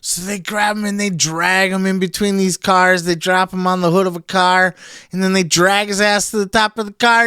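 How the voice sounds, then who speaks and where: A man reviewing a wrestling show in casual solo commentary, profane and animated, laughing often. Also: extremely high pitch, creaky, smooth, no room sound, clean studio sound.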